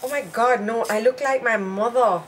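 A woman's voice: fairly high pitch, moderate pace, slight background noise. A woman vlogging at home, chatting casually and laughing often while trying on wigs. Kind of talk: casual chat.

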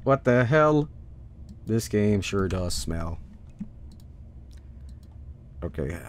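A man streaming a game casually, rattling off game blurbs quickly and breaking into goofy high squeals. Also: big pitch swings, slight background noise. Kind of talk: casual live-stream commentary.

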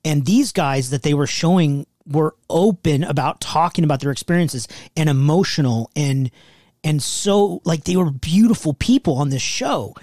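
A middle-aged man co-hosts a laid-back podcast chat in a fairly high voice. He is earnest and agreeable, dropping short affirmations between his own stories. The recording is dry and close. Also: expressive, moderate pace, a little mellow, no room sound. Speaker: podcast co-host. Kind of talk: casual conversational chat.

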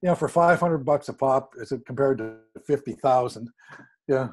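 A man telling a story in a casual, animated way, acting out quoted dialogue with sudden jumps in pitch. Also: normal speed, soft background music. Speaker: guest speaker.

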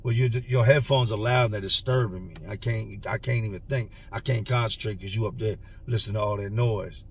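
A man's voice: lowish voice, fairly even intonation, a little fast, vocal fry, hardly any pauses, recorded from a distance, a little hiss or hum. A man voicing a fussy, complaining older male cellmate who stammers a little.

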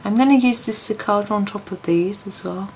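Woman chatting through a colouring tutorial, bit of gravel in her voice, faint hiss behind. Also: mid-range voice, a little fast, a little mellow. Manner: chatty, musing to herself, frequent ums. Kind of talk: relaxed voice-over tutorial, thinking aloud.

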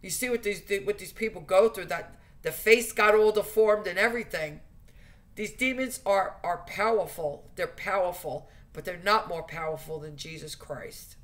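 A woman's voice: lowish voice, normal speed, fairly bright tone. Earnest woman repeating phrases for emphasis. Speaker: spiritual vlogger. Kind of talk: earnest spiritual advice monologue.

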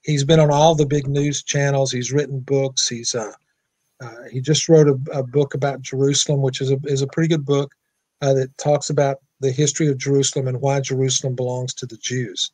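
A man guest telling a lively anecdote in an interview, acting out the dialogue. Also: medium pitch, brisk, no room sound. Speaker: guest attorney. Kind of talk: storytelling in an interview.

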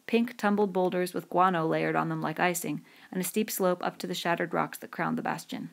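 A woman reading a novel aloud in a measured, descriptive way. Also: lowish voice, steady tone, gravelly. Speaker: audiobook reader. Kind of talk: scripted narration.

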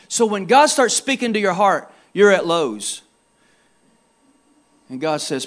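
Male pastor, high-pitched, storytelling sermon with emphatic bursts. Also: big pitch swings, unhurried, long pauses. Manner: storytelling, quoting others in his own voice; grows loud and emphatic in exhortation.

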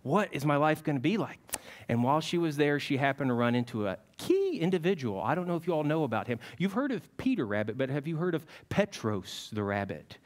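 A man leading a children's sermon in church, telling a folksy, animated story to the kids. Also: fairly high pitch, brisk, hardly any pauses. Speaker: children's message leader at church. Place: church sanctuary.

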